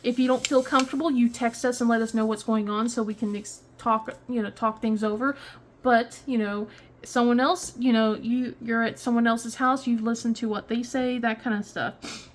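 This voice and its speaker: A woman's voice: a little high, fairly even intonation, moderate pace, slight background noise. A woman in her thirties chatting casually as a crafting vlogger, telling a rambling story full of fillers and restarts. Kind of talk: casual chat while crafting.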